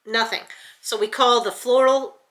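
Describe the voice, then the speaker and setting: A middle-aged woman from the New York area telling a family story at home in a chatty, animated way, full of fillers and restarts. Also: fairly high pitch, normal speed. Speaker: vlogger. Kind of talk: casual storytelling.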